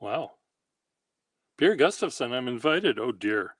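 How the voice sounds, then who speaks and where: A man chatting casually, telling meandering, halting anecdotes as the host. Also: lowish voice, steady tone, no echo. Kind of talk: casual rambling chat.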